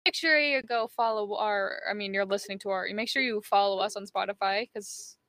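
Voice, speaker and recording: Bright-voiced British woman hosting a podcast. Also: mid-range voice, a little fast, no room sound. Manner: giggly, rambling, lots of ums. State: losing her voice. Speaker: podcast host. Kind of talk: casual chat, reading notes.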